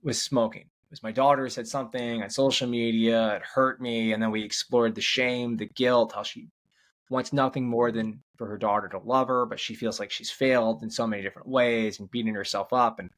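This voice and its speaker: A man's voice: medium pitch, fairly even intonation, brisk, a bit bright. A man, a podcast guest, telling long stories in casual interview talk, rambling and restarting, often checking in with "right?". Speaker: podcast guest, change coach.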